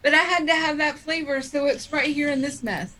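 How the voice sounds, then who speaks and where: A woman with a high, bright, sharp voice chatting casually on a livestream. She is blunt and playful and throws in a curse word now and then. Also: fairly quick.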